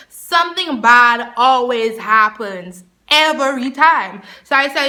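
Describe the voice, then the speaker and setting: Young woman spilling a story to camera, super bright voice, kinda high, lively. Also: fairly quick, hardly any pauses. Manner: animated, expressive storyteller. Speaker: vlogger. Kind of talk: storytime vlog, casual chat.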